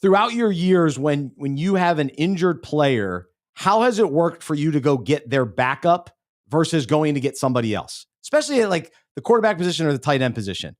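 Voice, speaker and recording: Male podcast co-host, slightly high voice, loose rambling delivery that trails off low. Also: sing-song, fairly quick. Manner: rambling, trips over words, trails off low. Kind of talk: casual podcast chat.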